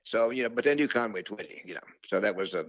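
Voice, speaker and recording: Speaking quickly and with animation, this older man has a fairly low, slightly bright voice with no echo. He's a guest in a casual storytelling interview, wandering through anecdotes full of fillers, restarts, and his own quoted thoughts. The recording is dull, lo-fi, and dry.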